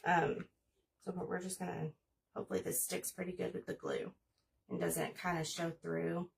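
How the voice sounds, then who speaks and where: A woman's voice: on the low side, level tone, normal speed, vocal fry, distant mic, a little hiss or hum. A woman in her forties chatting casually and rambling as she hosts a crafting livestream. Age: 40s. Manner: chatty, rambling, talks while working.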